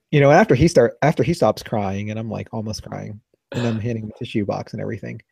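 A man, a physiotherapist, telling a patient story in casual conversation, halting and close to tears. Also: lowish voice, gravelly, a little mellow, husky, no room sound. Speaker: physiotherapist guest.

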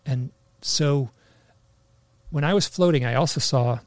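A man telling a personal story in a casual, halting way, full of restarts, animating the voices he quotes. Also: mid-range voice, no room sound. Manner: animated, acts out quoted lines.

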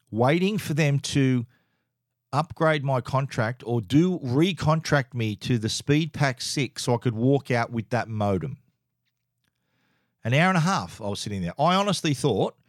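A man's voice: medium pitch, no echo, clean studio sound. Exasperated middle-aged Australian man. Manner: exasperated, emphatic, with many restarts. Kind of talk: casual storytelling rant.

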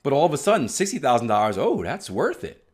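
A man's voice: mid-range voice, very animated, fast, slightly rough. A man teaching about trading in a motivational way, emphatic and repetitive, often checking in with "right?". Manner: emphatic, repeats "right?" often, bursts of loud stress. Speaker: trading coach.

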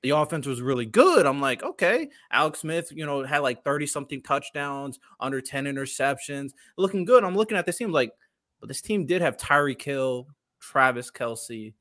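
A man's voice: medium pitch, expressive, moderate pace, fairly bright tone. A man co-hosting a casual sports debate, laying out points with numbers. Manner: analytical, builds points with stats. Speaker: co-host.

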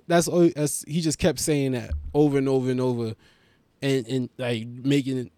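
A man from Haiti hosting a podcast, telling a street story in a casual, profane, animated way and acting out other people's voices. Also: mid-range voice, normal speed, no echo. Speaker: podcast host, comedian.

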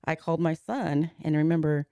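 A woman in her forties tells a personal story in a podcast conversation, walking through events one step at a time. Her voice is warm and darker in tone, with a gravelly edge. The sound is close and dry, with no room around it. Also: deep voice, a little fast, dry recording. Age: 40s. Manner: earnest, recounting events step by step and voicing others' words. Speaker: podcast guest.

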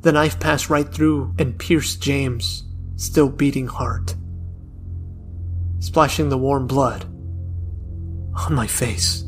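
A man's voice: medium pitch, fairly even intonation, faint music behind. Man narrating a grim horror story. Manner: grim, measured storytelling with drawn-out pauses. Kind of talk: dramatic scripted horror narration.

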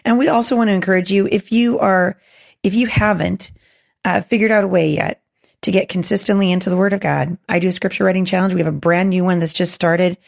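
With a fairly low, hoarse, gravelly voice, this faith podcast host speaks briskly and with fairly even intonation. Earnest and encouraging, she starts over frequently.

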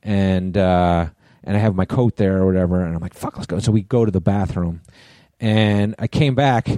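A man's voice: deep voice, moderate pace, dark tone, no echo. Middle-aged guy from the east coast, swears a ton telling stories, dry mic. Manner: rambling storyteller, swears a lot. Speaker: podcast co-host. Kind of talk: casual chat.

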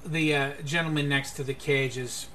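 A man's voice: medium pitch, fairly even intonation, normal speed, pushed and bright, a little hiss or hum. Rambling male game master. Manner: rambling, many fillers and restarts. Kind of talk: narrating a tabletop game.

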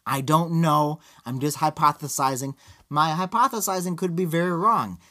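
A man's voice: fairly high pitch, moderate pace, pushed and bright. A man, co-hosting a podcast in casual banter, rambling and sarcastic with frequent swearing. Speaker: podcast co-host.

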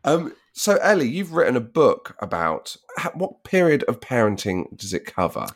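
A man's voice: medium pitch, big pitch swings, normal speed. A man hosting a podcast, asking questions and teasing in a dry, casual way. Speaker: podcast host. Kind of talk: casual interview chat.

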